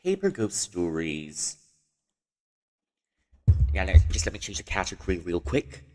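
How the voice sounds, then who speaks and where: A man's voice: sits low, wildly swooping pitch, a little slow, a little mellow, big-room sound, soft background music. A man chatting through a game livestream, explaining with examples and restarting his sentences often. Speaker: streamer. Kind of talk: casual game livestream commentary.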